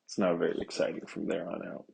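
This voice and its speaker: A young man rambles through a story, laid-back and swearing often. His voice sits fairly low, with a gravelly, husky texture. He talks like a podcast host in a casual monologue. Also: completely flat delivery, quick pace, darkish tone.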